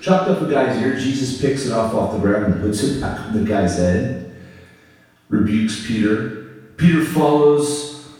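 A man preaching a sermon, telling the story in an animated way and acting out the voices of the people in it. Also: on the low side. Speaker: pastor. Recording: echoey hall from far off.

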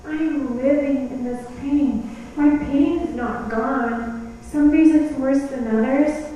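A woman's voice: high voice, takes it slowly, mellow, a little hiss or hum. A woman preaching a sermon to women in an earnest, conversational way, often acting out little dialogues. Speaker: women's ministry speaker. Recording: echoey hall, voice from far off.

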